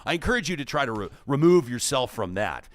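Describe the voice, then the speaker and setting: A Canadian man hosting a political talk show, speaking emphatically and reading quotes aloud with a lively voice. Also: mid-range voice, quick pace, no room sound.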